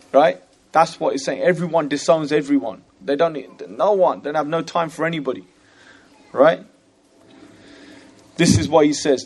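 A man teaching a class on a classical religious text, talking conversationally, often asking "you know?" and "right?" and reciting Arabic passages quickly. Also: on the high side, darkish tone.

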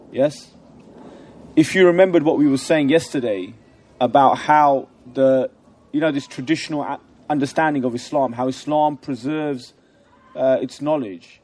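A man's voice: mid-range voice, darkish tone. A man teaching an Islamic class, speaking emphatically and often checking that his listeners follow. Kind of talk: classroom religious lecture.

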